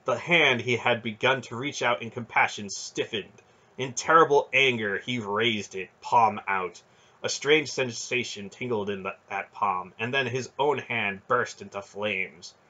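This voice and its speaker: A man reading a fantasy novel aloud in steady storytelling narration. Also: medium pitch, dull audio. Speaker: audiobook reader.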